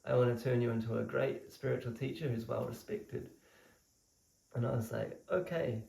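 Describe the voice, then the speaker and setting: A young man tells his story in a casual, animated way and laughs easily between thoughts. His voice is strongly gravelly and creaky at a middling pitch. He sits back from the mic, and the room gives it a roomy echo. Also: moderate pace, far from the mic. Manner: animated, laughs often while telling. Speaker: spiritual seeker telling his story.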